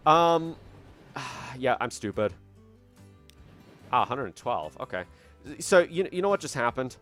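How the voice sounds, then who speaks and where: A young man hosting a gaming channel, casually commenting on his gameplay, chatty and self-mocking as he thinks aloud at a desk microphone at home. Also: medium pitch. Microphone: desk microphone at a computer.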